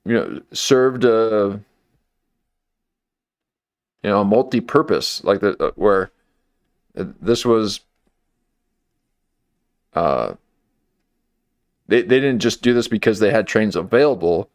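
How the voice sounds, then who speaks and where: A man riffs through casual, joking livestream commentary in a fairly low, expressive voice. He drawls slowly with long pauses, wandering through fillers, restarts and half-finished thoughts before landing a wry remark. There's no echo.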